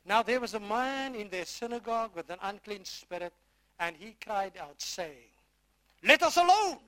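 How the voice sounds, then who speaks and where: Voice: medium pitch, fairly bright tone. A preacher giving a sermon from the Bible, often repeating phrases and quizzing the listeners with questions. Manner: emphatic, stretching key words slowly.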